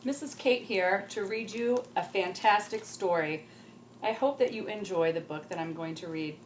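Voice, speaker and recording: A woman teacher reading a rhyming children's story aloud in an animated, sing-song way. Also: mid-range voice, unhurried, a little hiss or hum. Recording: roomy echo.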